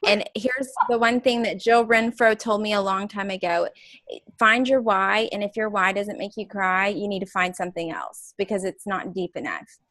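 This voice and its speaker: A woman hosting a motivational coaching call, giving an energetic, playful and emphatic pep talk to her sales team. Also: mid-range voice, moderate pace, no room sound. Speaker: call host.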